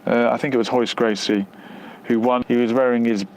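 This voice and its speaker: A man's voice: mid-range voice, fairly even intonation, a little fast, a little mellow, slight background noise. Casual rambling man on a live stream. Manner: rambling, hesitant, many fillers and restarts. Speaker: livestream host reading viewer comments. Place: near the outskirts of West London.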